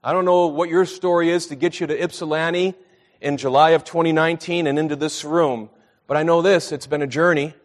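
A man's voice: a little high, steady tone, brisk, in a large hall. A middle-aged man preaching a sermon in a church meeting room, mixing casual storytelling with scripture and repeating key points for emphasis. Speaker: pastor.

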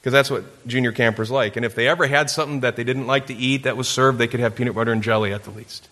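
A man's voice: mid-range voice, steady tone, fast, pushed and bright. A man preaching a sermon, telling a story and acting out kids' voices in a playful way. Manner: storytelling with playful camper impressions. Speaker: pastor. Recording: long hall reverb.

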